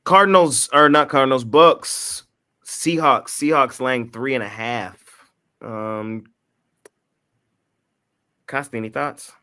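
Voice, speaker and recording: A man's voice: mid-range voice, takes it slowly, long pauses, bright, forceful tone, clean tone. A man hosting a sports betting show, chatting casually in slang and laughing often. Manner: laid-back slangy banter, laughs often. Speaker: host.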